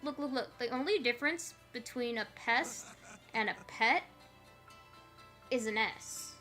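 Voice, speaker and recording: A woman's voice: fairly high pitch, a little slow, bright, forceful tone, faint music behind. A woman streaming a puzzle game, chatting casually with playful, rambling asides. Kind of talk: casual gameplay commentary.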